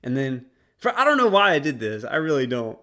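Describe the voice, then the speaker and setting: A man's voice: medium pitch, big pitch swings, a little fast, pushed and bright. A young man casually telling a school story as a YouTuber, slangy and rambling. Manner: slangy, rambling, laid-back.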